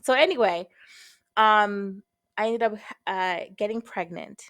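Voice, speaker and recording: A woman talking as a podcast guest in a frank, candid way, her voice sitting at an ordinary middle pitch. She tells a personal story with plenty of expression and acts out her own past thoughts in short bursts. The sound is close and dry, with no room echo. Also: a little slow, fairly bright tone.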